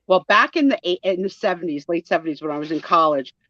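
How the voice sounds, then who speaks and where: Jersey accent woman in her 60s, lively storyteller doing little impressions, dry muffled sound. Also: fairly low pitch, quick pace, no echo. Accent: New Jersey. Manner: animated storyteller, mimics voices and accents. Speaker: guest storyteller. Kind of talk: casual chat. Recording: muffled lo-fi audio.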